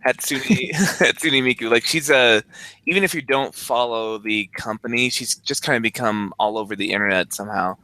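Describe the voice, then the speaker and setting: Bright-voiced man chatting on a podcast. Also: mid-range voice, moderate pace, no echo. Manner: chatty, relaxed news-item presenter with fillers. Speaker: podcast co-host. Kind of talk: casual chat.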